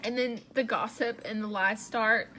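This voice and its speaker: A woman's voice: a little high, steady tone, moderate pace, pushed and bright, a little hiss or hum. A woman, a direct sales director, telling a candid and emotional personal story in a vlog, often repeating herself.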